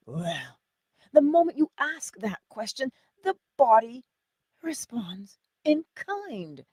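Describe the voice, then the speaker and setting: A woman's voice: fairly high pitch, warm tone, slightly rough, no echo. A woman giving an inspirational morning teaching in a preacherly, conversational way, full of rhetorical questions. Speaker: spiritual teacher.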